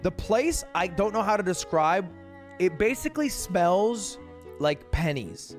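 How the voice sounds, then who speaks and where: A young man tells a story with profane, exasperated comic energy, his voice sitting a little high for a man. He vents his frustration in bursts of swearing and punchy asides. Faint music plays behind him. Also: lively intonation, unhurried. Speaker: streamer. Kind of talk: animated storytelling.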